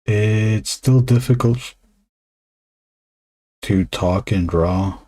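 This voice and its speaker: Hunched over his comic art on stream, a man speaks low and half-whispered into the desk mic, pondering aloud between pauses, with a dark tone.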